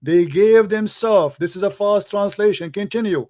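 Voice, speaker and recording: A man's voice: high-pitched, normal speed, warm tone, no room sound, clean studio sound. A man hosting a heated debate, insistent and mocking, repeating his challenges over and over. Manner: mocking and insulting. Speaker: debate host.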